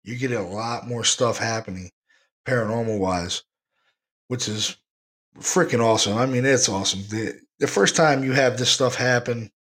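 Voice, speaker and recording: A man's voice: mid-range voice, moderate pace, a bit bright. A man hosting a paranormal talk show, rambling in a casual, enthusiastic way and often repeating himself. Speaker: paranormal podcast host.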